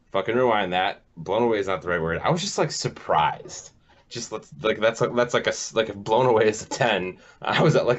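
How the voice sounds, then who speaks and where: A man telling a casual, rambling, profane gaming story as a podcast host, full of fillers and restarts. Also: low-pitched. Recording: dull lo-fi recording.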